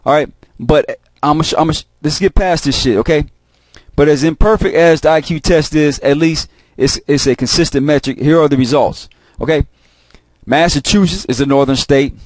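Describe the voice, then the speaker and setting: Man, rambling profane monologue, repeats himself, slightly high voice, dry close recording. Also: moderate pace, dry recording. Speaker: host of a video channel.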